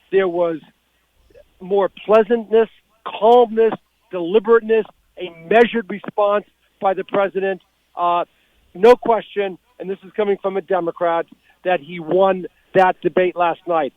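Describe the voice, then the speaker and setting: High-voiced man on a tinny phone line. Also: dry recording. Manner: measured, deliberate, many fillers. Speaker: political guest commentator. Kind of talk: radio call-in commentary. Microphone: telephone.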